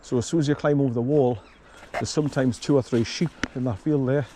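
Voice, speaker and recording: A man's voice: mid-range voice, fairly even intonation, brisk, background noise. A man chatting casually to camera while walking his dog outdoors, breaking off to call the dog. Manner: chatty, talks to his dog between remarks. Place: outdoors on a rural walk.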